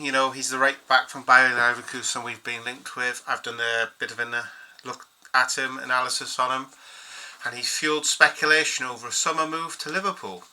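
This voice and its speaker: In a low-quality recording, a man with a bright, forceful, mid-range voice runs a football fan channel solo. He rambles casually, reading snippets of an article aloud as he goes.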